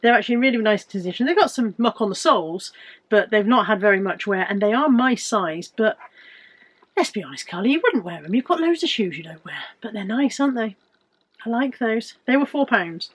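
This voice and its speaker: A British woman in her fifties talks through her bargains in a casual, chatty way. She keeps teasing herself as she goes, in a voice that sits a little high for a woman. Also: animated, fairly quick, husky. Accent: British English. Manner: chatty, self-mocking humour. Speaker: reseller vlogger. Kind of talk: casual chat.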